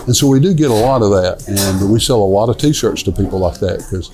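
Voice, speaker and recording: A middle-aged man, a restaurant owner telling stories in a relaxed, rambling way with lots of fillers, inside a dim restaurant. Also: fairly low pitch, fairly quick, hardly any pauses, background noise. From Newport, Tennessee. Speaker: restaurant owner, son of the founder. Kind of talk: casual storytelling interview.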